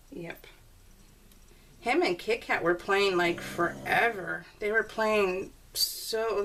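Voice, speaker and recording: A chatty woman talks loosely over her scrapbooking video, laughing often and drifting between thoughts. Her voice sits at a middle pitch, with a faint hiss of noise behind it. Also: fairly bright tone, recorded from a distance. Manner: chatty, giggly, rambling. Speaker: scrapbooking vlogger. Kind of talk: casual voiced-over craft process video.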